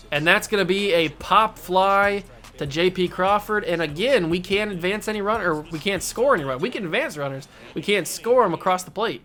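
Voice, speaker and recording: A gaming channel host with a high voice calls his own baseball video game play by play, excitedly talking to himself and to the game as he plays.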